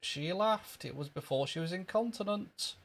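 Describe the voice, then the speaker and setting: A man voicing a cranky, wrinkly little Scottish man who claims to be a boy, in a high put-on voice with a Scottish accent, telling tall tales. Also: animated, moderate pace, vocal fry, full character voice. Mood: doting. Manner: boastful, rambling tall tales. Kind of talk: improvised street comedy bit.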